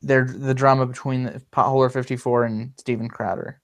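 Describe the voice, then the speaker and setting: A man's voice: mid-range voice, flat delivery, a little fast, gravelly. A man hosting a casual livestream, rambling with many fillers and restarts. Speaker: livestream host.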